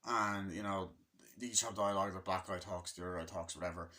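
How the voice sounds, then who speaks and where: A young man giving a casual, rambling movie review, swearing often and filling pauses with ums. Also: deep voice, steady tone, pushed and bright. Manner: rambling and profane, full of fillers.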